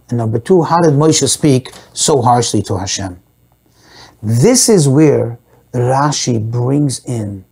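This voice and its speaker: A man's voice: mid-range voice, creaky, breathy edge. A man teaching a Torah class, explaining a text with rhetorical questions and Hebrew and Yiddish terms mixed into his English. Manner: animated, asks and answers his own rhetorical questions.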